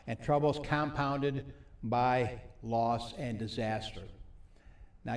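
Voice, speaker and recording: A man preaching at a recovery ministry meeting, putting questions to his audience and reading scripture slowly. His voice sits at a middle pitch. It rings through an echoey hall and is picked up from some distance. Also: a little mellow. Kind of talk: sermon.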